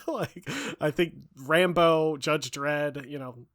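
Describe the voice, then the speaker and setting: A man's voice: a little high, takes it slowly, fairly bright tone, no room sound, clean studio sound. Sing-songy man co-hosting a podcast. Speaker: podcast co-host. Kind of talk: casual podcast chat.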